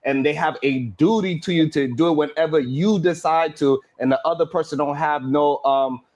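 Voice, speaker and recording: A man's voice: a little high, normal speed, darkish tone. A man on a discussion panel, making his case emphatically. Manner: emphatic, lecturing. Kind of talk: heated panel debate.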